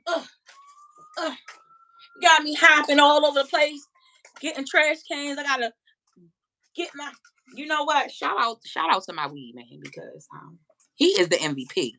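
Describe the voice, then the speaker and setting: A woman hosting a live stream, chatting casually and profanely with her viewers and telling animated stories. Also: mid-range voice, creaky, slight background noise. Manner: addresses viewers directly.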